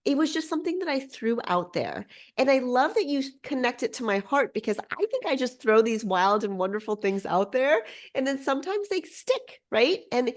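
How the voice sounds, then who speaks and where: Brief: excitable woman podcast guest, slightly high voice, casual storytelling with lots of restarts. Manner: bubbly, excitable, quick restarts; lively swings in pitch.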